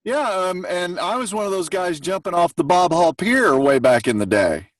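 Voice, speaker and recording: A man's voice: sits high, expressive, normal speed, no room sound, distant mic. A man from Texas co-hosting a casual podcast chat, teasing and rambling through stories. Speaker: podcast co-host.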